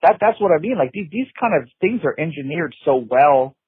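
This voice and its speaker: Man, middle-aged, emphatic, repetitive, husky, dry phone-line sound. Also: a little high, lively intonation, a little fast, no echo. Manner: emphatic, repetitive, frequent "you know" and restarts. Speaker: interview guest. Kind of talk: intense personal recollection.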